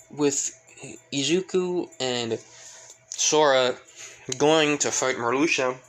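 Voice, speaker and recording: A man's voice: mid-range voice, bright, forceful tone, poor audio. A man casually retelling a fan fiction story, rambling and repeating fillers. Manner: rambling, fills with "pretty much".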